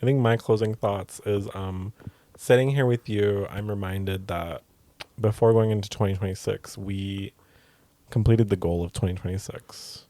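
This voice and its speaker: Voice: low voice, steady tone, normal speed, mellow. A young adult co-hosting a podcast, casually teasing and prompting the other host. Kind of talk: casual chat.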